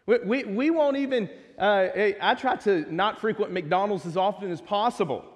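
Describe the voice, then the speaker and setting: A man with a high, light voice and a Texas twang preaches a casual sermon, drifting into jokes and asides to the people in the pews. His words ring out with a long reverb, as in a large church sanctuary. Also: moderate pace. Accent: Texan. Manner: conversational and joking, with asides to the congregation. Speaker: pastor.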